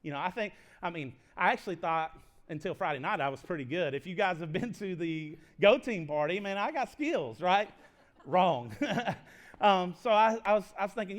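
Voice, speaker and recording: A man's voice: sits high, expressive, normal speed, fairly bright tone. A man, a pastor telling a folksy, self-deprecating story in a conversational sermon. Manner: folksy, chatty, self-deprecating with frequent laughs and restarts.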